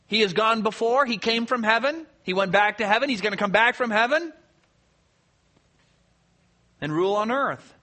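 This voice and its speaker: A man's voice: high-pitched, lively intonation, normal speed, long pauses, pushed and bright. A man preaching a sermon to his congregation, conversational, posing rhetorical questions and answering them. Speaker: pastor.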